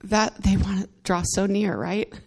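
A woman's voice: medium pitch, flat delivery, a little slow, gravelly, a little mellow. A woman giving an earnest, emotional testimony in worship, laughing between phrases and growing more fervent as she goes. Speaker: church member giving testimony.

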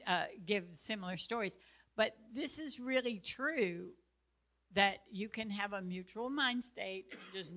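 A chatty woman with a drawl, her voice bright and forward as she tells a homey story to a gathered group. She talks in an animated, easygoing way and slips into laughter now and then. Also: mid-range voice. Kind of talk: casual storytelling talk.

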